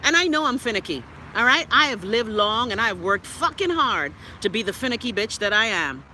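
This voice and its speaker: A middle-aged Bahamian woman rants bluntly and with plenty of profanity, reading viewer comments on a casual live stream. Her voice is bright and forceful. Faint traffic noise from outdoors sits behind her. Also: on the high side, sing-song, brisk.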